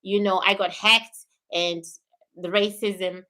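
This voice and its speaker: Speaking slowly with a steady, pushed, bright tone at a medium pitch, this woman hosts a spiritual livestream. She answers questions from viewers, thanks them, and leans on emphatic repeated phrases.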